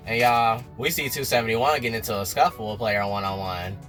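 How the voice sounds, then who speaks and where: A man recapping a TV episode in a slangy, animated storytelling way, talking straight to his viewers. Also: fairly low pitch, brisk, soft background music. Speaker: TV recap vlogger.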